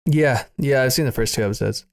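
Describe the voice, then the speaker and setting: A man's voice: medium pitch, fairly quick, creaky. A man co-hosting a podcast, chatting casually with short, attentive replies and questions. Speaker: podcast co-host. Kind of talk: casual chat.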